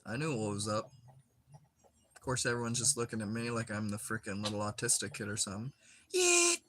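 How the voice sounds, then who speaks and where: A man's voice: lowish voice, little pitch movement, fast, noisy background. A young man chatting casually while he plays a game, rambling with lots of filler words and frequent giggles. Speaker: gaming streamer.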